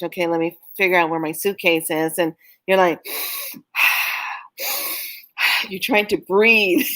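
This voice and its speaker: A woman's voice: medium pitch, fairly bright tone. A woman giving a casual spiritual talk, earnest and urging, who often laughs while telling stories. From California. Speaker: spiritual vlogger.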